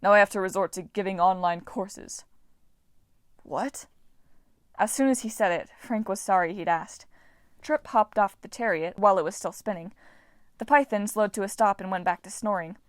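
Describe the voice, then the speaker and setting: A woman reading a novel aloud with steady, even narration. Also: medium pitch, a little fast, no room sound, studio quality. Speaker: audiobook reader.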